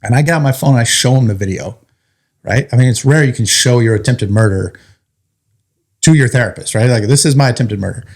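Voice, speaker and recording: A man with a middle-pitched voice tells his own story in a loose, joking podcast chat. He acts out what others said as he goes, with a firefighter's plain way of talking. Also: brisk, gravelly. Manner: animated, joking, acts out quotes. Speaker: firefighter guest. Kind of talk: casual storytelling.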